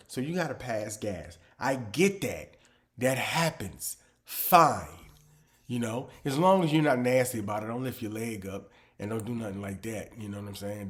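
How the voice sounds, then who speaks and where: Slow-talking man ranting comedically. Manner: animated ranting, swings from low mutters to loud outbursts. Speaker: comedian host. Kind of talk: comedic monologue.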